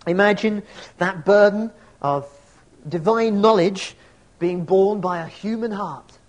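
A male preacher with a fairly high voice delivers a reflective sermon. He muses aloud and poses rhetorical questions to his listeners. At times he reads passages of scripture and poetry. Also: slow pace.

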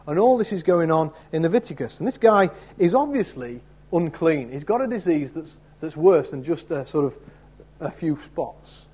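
Husky-voiced man preaching conversationally. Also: fairly high pitch, animated, moderate pace, darkish tone. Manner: conversational, asks listeners rhetorical tag questions; acts out quoted voices in the story. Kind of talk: expository sermon.

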